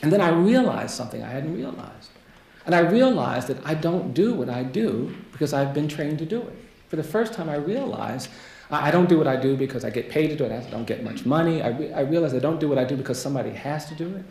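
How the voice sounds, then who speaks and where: A man from the United States giving a keynote as a death-row lawyer, telling a personal story quietly and earnestly, and building to rhetorical repetition. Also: fairly high pitch, lively intonation, quick pace, gravelly. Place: lecture hall. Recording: roomy hall echo, faint noise.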